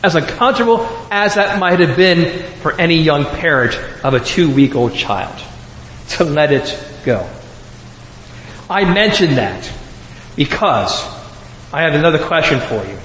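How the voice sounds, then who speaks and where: A man delivers a light, story-driven sermon and calls out to people in the audience. His voice sits fairly high. It rings through a large, reverberant hall over a faint wash of ambience. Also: very animated, a little slow, fairly bright tone, slight background noise. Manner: humorous, storytelling, addresses the audience directly. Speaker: preacher. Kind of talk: conversational sermon.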